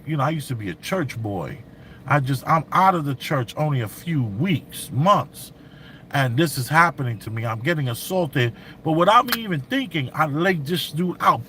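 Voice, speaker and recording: Animated man telling a story. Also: on the high side, normal speed, a little hiss or hum. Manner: animated, acts out quotes, slang. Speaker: commentator. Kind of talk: casual storytelling commentary.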